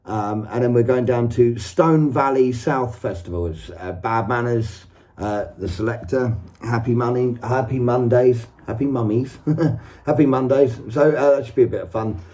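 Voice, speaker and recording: A man's voice: medium pitch, moderate pace, mellow. A man talking casually in a rambling, earnest way, with many fillers and restarts, in his own video diary. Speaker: recovery vlogger. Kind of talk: casual spoken vlog.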